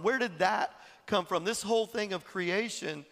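A man preaching a sermon, telling stories in an animated way and often chuckling as he talks. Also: high-pitched, slow pace, long pauses, in a large hall. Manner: animated storytelling, chuckling, acting out quotes. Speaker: pastor.

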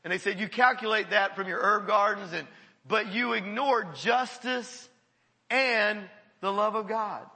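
A male pastor preaches with an animated delivery, repeating words and calling on the congregation. His voice sits high and sounds bright and forceful. It rings out with the long reverb of a church hall. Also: unhurried. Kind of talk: sermon.

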